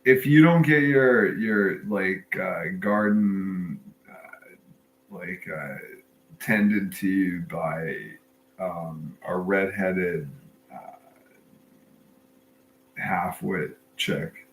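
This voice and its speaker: Male co-host, slow halting storyteller, lowish voice, echoey room. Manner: slow, halting storyteller, many fillers and restarts. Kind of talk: crude casual chat. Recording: echoey room with faint noise.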